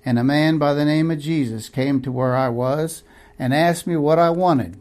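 A man's voice: fairly high pitch, normal speed, a little mellow, lightly acted. Man as a former cripple, now healed: insistent, joyful.

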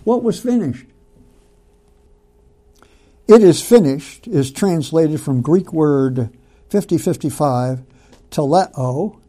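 Slow, mellow-voiced man preaching. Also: on the high side. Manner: slow and deliberate, asking rhetorical questions; leads the listeners in reading scripture aloud. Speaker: Bible teacher. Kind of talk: Bible study sermon.

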